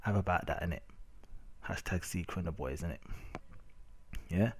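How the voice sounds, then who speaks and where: There's a little hiss or hum behind this young man's low-pitched voice as he narrates match footage at a normal speed. With a London accent, he rants casually, using plenty of slang and a frequent "innit".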